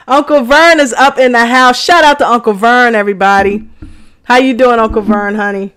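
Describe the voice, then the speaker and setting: A woman's voice: fairly high pitch, a little slow, a bit bright, clean tone. Chatty woman from New Jersey. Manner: chatty, rambling, many "you know"s. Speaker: reaction channel co-host. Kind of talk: casual reaction commentary to live chat.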